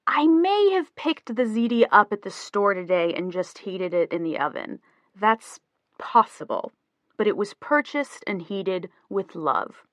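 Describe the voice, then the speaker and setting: A woman's voice: medium pitch, animated, a little slow, no echo, clean studio sound, lightly acted. A woman reading the lines of a playful young husband in an audiobook, joking and teasing. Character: easygoing playful young husband, rock musician.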